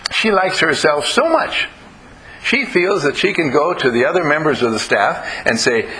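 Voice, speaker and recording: Animated, bright-voiced man preaching. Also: fairly high pitch, moderate pace, rough recording. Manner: animated, playful, acts out voices in anecdotes. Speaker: minister. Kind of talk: lively sermon with storytelling.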